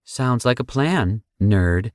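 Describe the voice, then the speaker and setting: Guy voicing a snarky nervous young woman in an audiobook, pitched way up, blunt and teasing, dry close sound. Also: animated, slow pace, no echo. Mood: wry. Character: sarcastic anxious young woman, little sister. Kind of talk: audiobook character voice.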